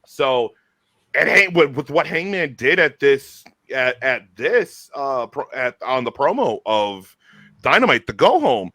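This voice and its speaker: Man host, casual chat, enthusiastic, bright tone, dry close sound. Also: medium pitch, no echo. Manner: animated, enthusiastic, quick restarts. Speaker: podcast host.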